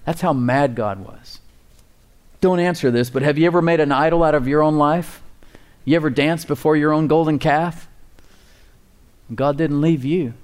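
Animated preaching man. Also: a little high, moderate pace, pauses often, smooth. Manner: animated, emphatic, chuckles at his own points. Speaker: pastor and Bible teacher. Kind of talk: conversational sermon.

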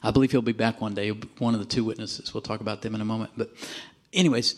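Male preacher, sermon, animated, calls for amens, shifts between emphatic and hushed. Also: lowish voice, rapid-fire. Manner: swings from emphatic to quiet and drawn out.

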